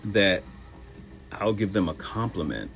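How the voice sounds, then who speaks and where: Deep gravelly middle-aged male comedian. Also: measured pace, soft background music, poor audio. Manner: animated, joking storytelling. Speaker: comedian and show host. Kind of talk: live show monologue.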